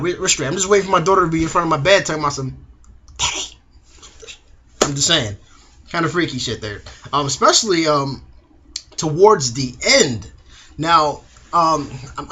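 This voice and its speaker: A man's voice: fairly high pitch, animated, quick pace, pushed and bright, a little hiss or hum. A young man reviewing a TV episode in a casual, slangy way, acting out the characters' lines.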